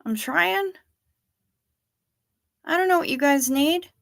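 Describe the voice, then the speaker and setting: Woman, livestream host, bright voice, casual rambling chat, sleepy, at home. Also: high voice, animated, slow pace, creaky. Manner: chatty and rambling, often trails off. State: sleepy, keeps yawning. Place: at home, in her chair.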